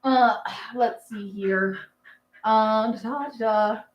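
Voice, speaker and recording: Chatty higher-voiced woman, echoey room. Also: very slow, muffled recording. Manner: chatty and rambling, many fillers and laughs; doting on her dog. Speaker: livestream host. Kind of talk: casual livestream chat.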